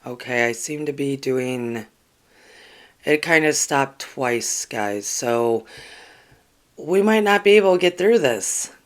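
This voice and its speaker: A slow, expressive mid-range voice belongs to a spiritual channel host doing oracle card readings on a relaxed livestream. Talking earnestly to her audience, she wanders off track, saying um often and starting sentences over.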